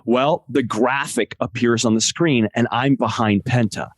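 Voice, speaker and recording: A man as a podcast guest, telling an excited, emotional story and acting out what people said. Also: a little slow, no room sound. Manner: acts out quotes with big pitch jumps. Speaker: podcast guest, wrestling translator. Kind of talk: animated storytelling in conversation.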